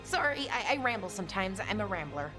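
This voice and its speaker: An actress voicing a video game character who talks in an awkward, rambling way. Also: female voice, mid-range voice, big pitch swings, fast, bright, forceful tone, soft background music. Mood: flustered.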